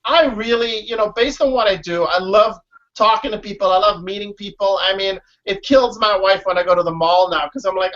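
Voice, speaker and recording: A man's voice: high voice, a little fast. Emphatic man, dull lo-fi sound. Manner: emphatic and animated, keeps saying "listen" and "you know what I mean". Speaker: guest, former reality show contestant. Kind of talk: casual interview chat. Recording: dull lo-fi recording.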